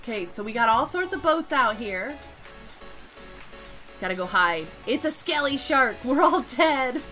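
A woman streaming a game, chatting casually and excitably, greeting and thanking her viewers. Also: sits high, unhurried, faint music behind. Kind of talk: casual live-stream chat while gaming.

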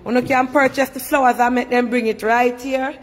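A woman's voice: a little high, steady tone, normal speed. A Jamaican woman hosting an emotional live chat, fighting tears and praising God as she talks to her viewers. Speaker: live-stream host. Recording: long reverb, loud crowd behind.

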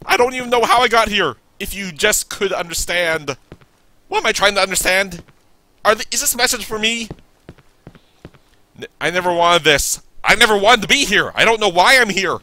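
A man giving chatty gameplay commentary, joking back at the game and yelling in panicked bursts when he is attacked. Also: sits high, animated, normal speed, long pauses. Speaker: let's play gamer.

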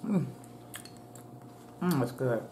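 A woman's voice: very deep voice, expressive, drawn-out words, dark tone, slight background noise. A middle-aged woman vlogging as she eats, chatting to viewers between bites and calling them y'all. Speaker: mukbang vlogger. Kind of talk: casual chat while eating. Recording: echoey room.

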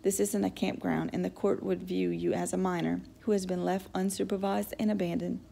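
Woman reading as gentle small-town sheriff. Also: fairly low pitch, flat delivery, a little fast. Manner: gentle, throat-clearing, awkward questioning. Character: kindly soft-spoken small-town male sheriff.

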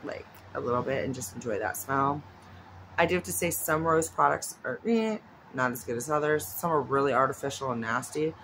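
A woman's voice: very deep voice, brisk, a bit bright, a little hiss or hum, poor audio. A woman vlogging at home in a casual, chatty way, rambling off into asides. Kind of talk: casual chat. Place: at home with her dog nearby.

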